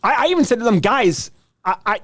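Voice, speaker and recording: Animated man retelling a car-buying saga. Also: extremely high pitch, fast talker. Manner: animated storytelling, acting out quoted calls. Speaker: podcast co-host. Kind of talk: casual chat.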